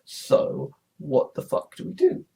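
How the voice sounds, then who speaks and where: A woman's voice: slow pace, dark tone. A woman vlogging, ranting bluntly and swearing constantly as she comments. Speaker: video blogger.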